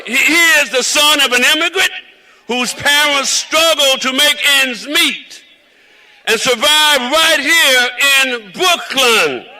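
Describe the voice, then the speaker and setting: Southern-drawl man, rally orator, bright high voice, slow preacherly cadence. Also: lively intonation, a little hiss or hum, rough recording. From South Carolina. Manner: preacherly, rhythmic repetition. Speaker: rally speaker. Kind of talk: outdoor rally speech. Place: outdoors in the cold at a rally. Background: cheering crowd.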